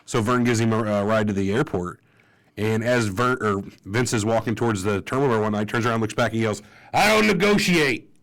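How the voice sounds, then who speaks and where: A man co-hosting a wrestling podcast, telling stories briskly with blunt, crude jokes. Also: fairly low pitch, steady tone. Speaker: podcast co-host. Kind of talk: casual wrestling podcast chat.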